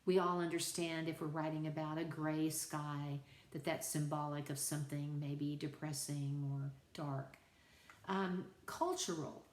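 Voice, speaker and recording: Middle-aged lady lecturing casually, lowish voice, kinda roomy echo. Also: steady tone, measured pace, a little mellow. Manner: chatty, conversational, self-correcting, asides to students. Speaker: college writing teacher. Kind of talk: recorded lecture to students. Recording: echoey room.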